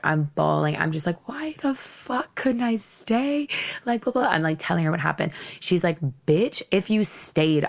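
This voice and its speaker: A young adult woman hosting a podcast, telling a travel story in casual, profane, animated chat. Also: vocal fry. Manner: animated, profane, swings pitch up for emphasis. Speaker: podcast host.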